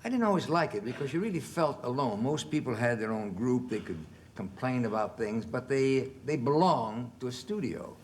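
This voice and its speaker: A man in his sixties, a guest on a television talk show, telling animated anecdotes and laughing through the punchlines. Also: mid-range voice, moderate pace, few pauses, slight background noise. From United States. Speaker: guest actor. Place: television studio.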